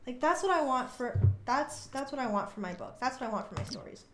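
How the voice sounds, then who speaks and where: A woman's voice: sits high, lively intonation, brisk, a bit bright, slight background noise. Chatty woman streamer in an echoey room. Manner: chatty, bubbly, self-deprecating. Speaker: streamer and author. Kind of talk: casual live-stream chat and reading aloud.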